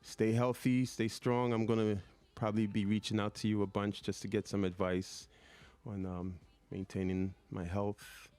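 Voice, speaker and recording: Halting low-voiced male podcast host. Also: little pitch movement, darkish tone. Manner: halting, full of fillers and restarts. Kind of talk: interview conversation.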